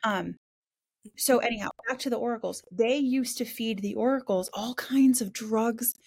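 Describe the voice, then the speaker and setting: A woman's voice: fairly high pitch, moderate pace, gravelly, darkish tone. A woman hosting a casual spiritual podcast, talking frankly, swearing now and then and laughing easily. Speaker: podcast host.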